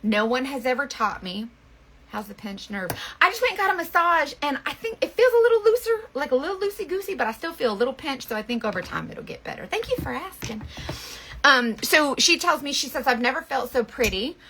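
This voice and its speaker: A woman's voice: high-pitched, sing-song, fast, bright, forceful tone, slight background noise. A woman telling a rambling story in casual chat, full of fillers and restarts. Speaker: makeup seller and vlogger.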